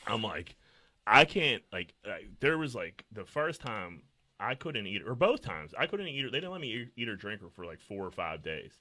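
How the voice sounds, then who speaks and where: A man's voice: fairly low pitch, very animated, normal speed, bright, forceful tone, no echo. A man in his thirties, co-hosting a casual podcast and telling stories in a rambling, profane way. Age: 30s. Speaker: podcast co-host.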